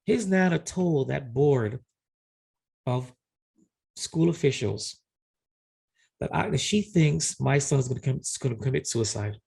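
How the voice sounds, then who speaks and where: Gravelly, husky middle-aged man. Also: medium pitch, unhurried, long pauses. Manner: animated, re-enacts conversations, frequent restarts. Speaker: podcast co-host. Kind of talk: casual storytelling chat.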